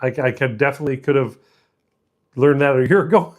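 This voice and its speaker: A man's voice: mid-range voice, normal speed, long pauses, darkish tone. A middle-aged man hosting his own channel, telling a story in a rambling, self-mocking way, laughing often and restarting sentences. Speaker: channel host. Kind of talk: casual storytelling monologue.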